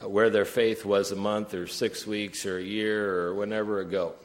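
A middle-aged male pastor preaching a sermon in a somewhat low voice. He swings from loud, emphatic peaks down to soft, low asides. He keeps asking the congregation questions. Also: flat delivery, normal speed. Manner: preaching with wide swings of pitch and loudness, asking the room questions.

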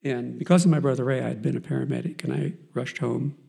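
Gravelly-voiced older man giving testimony. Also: medium pitch, dark tone. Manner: earnest, halting storytelling with restarts. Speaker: speaker giving a Christian testimony. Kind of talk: reading a letter aloud, then telling a personal story.

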